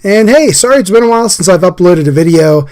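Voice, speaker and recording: A man with a slightly high voice hosts a relaxed drawing chat. His voice is scratchy and still hoarse from illness. He talks in an easygoing, chatty manner. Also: quick pace. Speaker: host. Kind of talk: casual chat while drawing.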